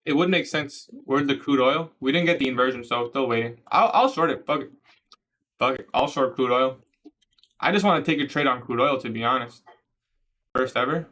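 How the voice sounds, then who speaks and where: A man's voice: medium pitch, moderate pace, fairly bright tone. Laid-back young Canadian man streaming. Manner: laid-back, slangy, answers viewer questions. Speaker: livestream trading host. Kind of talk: casual livestream chat reading comments.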